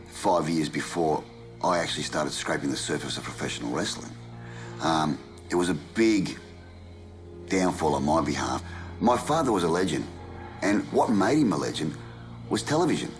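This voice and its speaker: A man's voice: very deep voice, very animated, normal speed, pauses often, soft background music. A man with an Australian accent, a wrestling promoter talking bluntly in a documentary interview. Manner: blunt, forceful talk with mild swearing.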